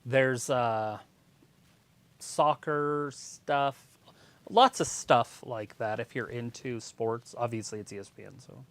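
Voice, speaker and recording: A man's voice: medium pitch, takes it slowly, fairly bright tone. A man co-hosting a casual wrestling watch-along live stream, explaining things in a rambling, matter-of-fact way.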